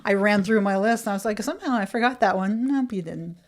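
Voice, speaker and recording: A woman's voice: mid-range voice, fast talker. A middle-aged woman co-hosting a podcast in loose, casual chat. She rambles and keeps correcting herself mid-sentence, breaking into laughter along the way. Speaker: podcast co-host.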